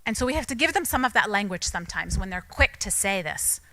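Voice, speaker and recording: A woman's voice: medium pitch, expressive, quick pace, pushed and bright, dry recording, rough recording. A woman, giving a talk to parents, often acting out what children say. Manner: code-switching, acts out children's quotes. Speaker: speaker at a church parenting talk.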